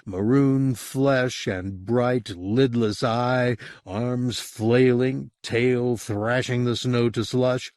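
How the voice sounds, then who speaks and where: A man reading a horror audiobook as narrator, in an expressive storytelling manner. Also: mid-range voice, drawn-out words, hardly any pauses, dry recording, clean studio sound. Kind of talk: scripted narration.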